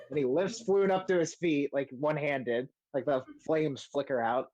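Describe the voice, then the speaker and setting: A man's voice: mid-range voice, moderate pace, few pauses, darkish tone, no echo. Hesitant male game master. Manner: hesitant, many fillers and restarts. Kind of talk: narrating a tabletop game.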